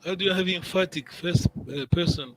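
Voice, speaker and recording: Bright-voiced man teaching a language class. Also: sits high, a little fast, a little hiss or hum, low-quality recording. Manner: patient, encouraging, repeats words, checks with "yes?".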